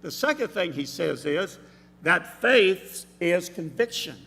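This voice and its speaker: A man filling in as preacher, giving a measured, explanatory sermon with pauses in a church sanctuary. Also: high-pitched, very animated, gravelly, pushed and bright, slightly rough. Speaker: substitute preacher. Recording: reverberant church hall.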